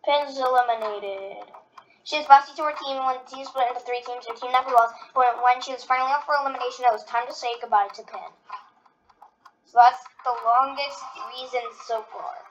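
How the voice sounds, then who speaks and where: Woman rambling thru her vlog commentary, kinda high voice, dull mic. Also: steady tone, fairly quick, slight background noise. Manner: rambling, many fillers. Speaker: video creator. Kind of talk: casual commentary reaction video.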